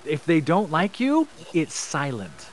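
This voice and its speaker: A man co-hosting a wrestling podcast in casual chat, upbeat and jokey with quick asides. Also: a little high, huge pitch swings, a little hiss or hum, poor audio. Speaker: podcast co-host.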